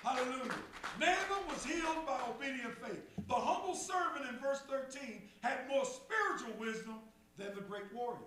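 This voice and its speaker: A man's voice: extremely high pitch, lively intonation, moderate pace, hardly any pauses, fairly bright tone. A man preaching a call-and-response sermon, repeating phrases and rising in fervor. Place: church sanctuary. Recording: echoey church from far off, faint hum.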